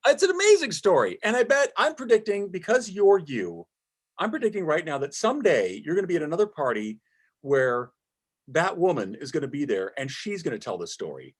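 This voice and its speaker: Husky-voiced male host with wry quips. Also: fairly high pitch, big pitch swings, a little fast. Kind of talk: casual chat.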